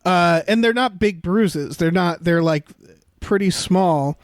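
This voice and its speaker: A man with a high voice talks loosely and crudely, co-hosting a casual podcast. He is animated and joking. The sound is close and dry, with no room around it. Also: slow pace, dry recording. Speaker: podcast co-host.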